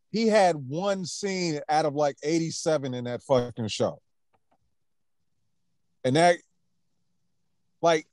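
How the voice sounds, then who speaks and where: A man's voice: on the high side, a little mellow, dry recording. A man co-hosting a podcast, talking bluntly and profanely with jokes. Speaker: podcast co-host. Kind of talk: casual chat.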